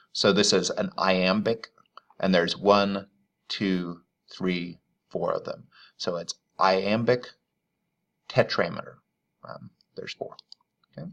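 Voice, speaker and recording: A man's voice: on the low side, gravelly, a bit bright. A man teaching literature in an informal recorded lecture, thinking aloud in a loose, conversational way.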